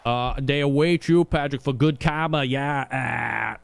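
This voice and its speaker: A man's voice: mid-range voice, measured pace, creaky. A man hosting a live call-in show from his home studio, joking and rambling with lots of "uh"s. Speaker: talk show host. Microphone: studio microphone.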